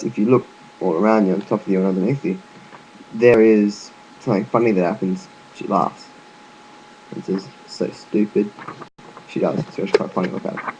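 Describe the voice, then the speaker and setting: Casual male gamer narrator with a fairly low voice, chatty and loose, stumbling through his explanation. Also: mellow, a little hiss or hum, poor audio. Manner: loose and chatty, with frequent fillers and restarts; offhand, with occasional swearing. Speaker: gaming video narrator.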